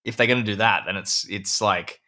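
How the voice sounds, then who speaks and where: An Australian man co-hosts a casual podcast and keeps up a stream of quick agreement. His voice sits a little low and sounds bright. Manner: supportive listener, frequent quick agreement. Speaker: podcast co-host. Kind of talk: casual chat.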